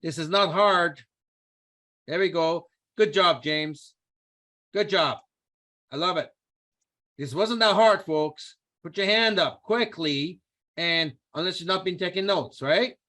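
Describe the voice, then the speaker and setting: Man, middle-aged, high-pitched, motivational sales coach, emphatic repetition. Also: takes it slowly, long pauses. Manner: energetic coaching, repeats key phrases for emphasis. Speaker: network marketing trainer. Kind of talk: motivational training talk.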